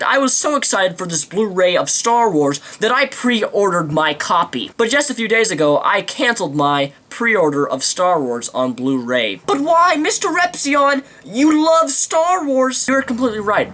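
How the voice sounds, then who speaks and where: A man's voice: sits high, pushed and bright. A man giving a ranting movie commentary, indignant and mocking, with theatrical flourishes. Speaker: video commentator.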